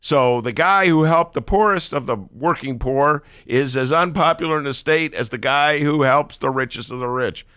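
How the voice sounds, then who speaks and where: A man's voice: mid-range voice, normal speed, hardly any pauses, bright, forceful tone, clean tone, no room sound, studio quality. A middle-aged man hosting a casual political show, wry and sarcastic with rambling asides. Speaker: podcast host.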